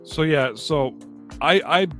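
A man's voice: a little high, slow, a bit bright, soft background music. A man hosting a casual sports podcast, ranting in a heated, emphatic way and swearing often. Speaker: podcast host.

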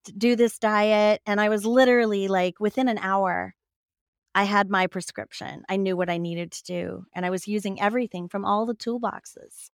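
A woman talking as an interview guest, a physician and author, telling stories with lively laughter. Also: medium pitch, moderate pace, creaky, dry recording, studio quality. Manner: lively storyteller who laughs and acts out quoted voices. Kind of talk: casual interview conversation.

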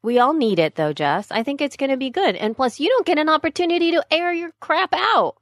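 A woman's voice: high voice, lively intonation, a little fast, no echo, clean studio sound. A woman in casual chat, talking candidly and rambling, often correcting herself mid-sentence.

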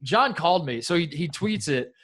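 A man's voice: on the high side, animated, moderate pace, a bit bright. A man co-hosting a podcast in casual chat, upbeat and laughing often as he talks. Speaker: podcast co-host.

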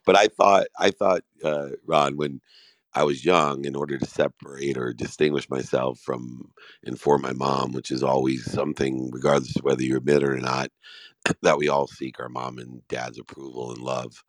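A man's voice: very deep voice, level tone, normal speed, creaky, no room sound. A man in his fifties hosting a live audio room Q&A, talking in an emphatic, heartfelt, motivational way over a remote call. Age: 50s. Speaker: host and business speaker.

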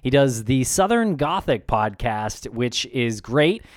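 A man hosting a podcast, welcoming listeners and reading promos in a brisk, friendly way into a studio microphone. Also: mid-range voice, very animated, no echo. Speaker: podcast host. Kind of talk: casual podcast chat and read ads.

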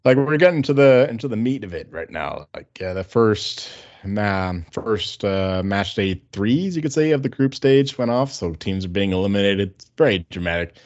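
A man's voice: lowish voice, expressive, moderate pace, hardly any pauses, darkish tone, no echo, highs cut off. A man co-hosting a casual sports podcast, joking and rambling with fillers. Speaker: podcast co-host.

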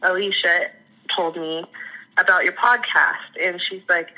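Woman guest, bright voice, candid, laughs a lot, tinny call audio. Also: on the low side, steady tone, moderate pace. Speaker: podcast guest, former coaching client. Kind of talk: casual interview chat.

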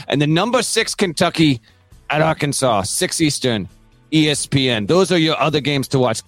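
A man's voice: a little high, expressive, normal speed, fairly bright tone, soft background music. A man co-hosting a sports podcast in a put-on Australian accent, joking as he rattles off game listings. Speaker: podcast co-host. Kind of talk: casual sports podcast chat.

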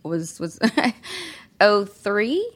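A woman's voice: mid-range voice, big pitch swings, extremely slow. A woman in her fifties, a guest musician, talking candidly in a casual interview and laughing often.

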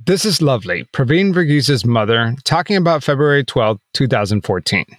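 A man hosting a podcast, giving measured scripted narration. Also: medium pitch, sing-song, dry recording. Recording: dry close studio voice over faint music.

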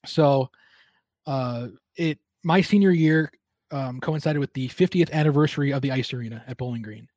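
A man's voice: medium pitch, normal speed, darkish tone, no room sound. A young man, a sports broadcaster, chatting casually and retelling a story with lots of fillers.

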